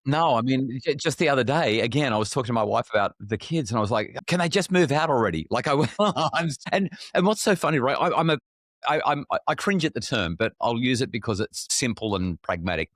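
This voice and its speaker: A man's voice: medium pitch, animated, a little fast, a bit bright, no echo, clean studio sound. A middle-aged Australian man, a parenting expert, talking candidly in a podcast conversation with many restarts and stammers.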